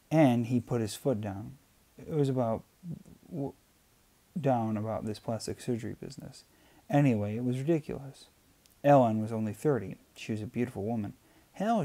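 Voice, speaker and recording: A man reading a novel aloud in a steady voice, with occasional slips and restarts. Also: medium pitch. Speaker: amateur reader. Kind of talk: audiobook reading.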